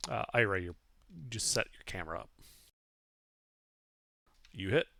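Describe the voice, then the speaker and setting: A man running a tabletop game as game master, giving calm, matter-of-fact rulings. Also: low-pitched, measured pace, dry recording, clean studio sound.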